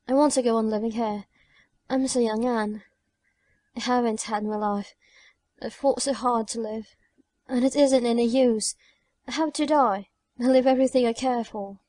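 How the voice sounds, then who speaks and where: A woman reading an audiobook voices a frail, dying young woman who pleads tearfully and haltingly. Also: a little high, warm tone, no room sound, lightly acted. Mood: frightened.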